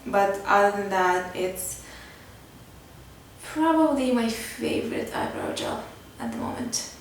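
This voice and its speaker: A woman's voice: mid-range voice, expressive, takes it slowly. Chatty woman in a very echoey room. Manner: chatty, filler-heavy with frequent "like" and "kinda". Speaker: beauty vlogger. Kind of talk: casual makeup tutorial. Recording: very echoey room, mic at a distance, faint background noise.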